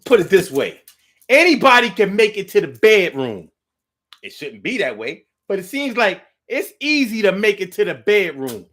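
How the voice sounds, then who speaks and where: A man's voice: high-pitched, very animated, moderate pace, fairly bright tone, a little hiss or hum. A man hosting a casual talk monologue, reading out listener comments and riffing on them in a playful, drawling way.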